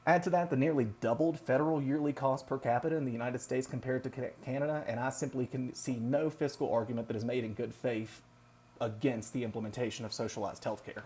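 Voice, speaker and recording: Man reading a measured class presentation. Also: medium pitch. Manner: steady, measured reading with occasional slips. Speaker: nursing student. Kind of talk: read-aloud class presentation.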